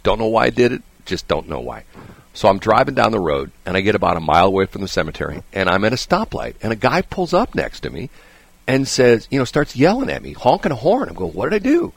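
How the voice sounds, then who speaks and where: A middle-aged male talk show host with a low voice that leaps up and down as he tells his story. He rambles, restarts his sentences and tosses out "okay?" asides. The sound is close and dry, with no room around it. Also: creaky, dry recording. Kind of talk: casual storytelling chat.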